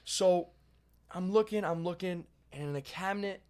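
A young man casually telling a long story to a friend, animated and swearing as he goes. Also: sits high, moderate pace, smooth. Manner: animated, swearing, lively retelling.

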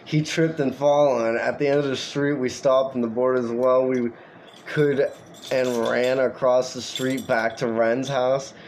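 A man reading an internet story aloud for a podcast, at a mid-range pitch. He swears freely and breaks off to comment. A faint hiss sits under the voice. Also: measured pace. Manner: profane, animated storytelling with asides. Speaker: podcast host.

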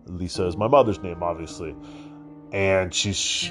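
A man's voice: low-pitched, moderate pace, faint music behind. A male podcast host telling a personal story casually, rambling and swearing, with lots of fillers and restarts.

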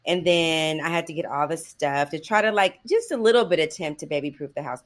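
A woman's voice: deep voice, fairly quick. A middle-aged woman co-hosting a podcast, chatting casually and acting out quoted voices with expression. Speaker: podcast co-host. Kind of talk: casual chat.

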